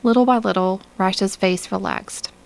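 A woman narrating a science fiction story in a calm, measured audiobook style. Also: mid-range voice, vocal fry, rough recording.

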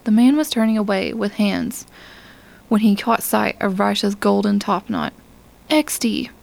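A woman narrating a science fiction story in a calm, measured audiobook style. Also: mid-range voice, vocal fry, rough recording.

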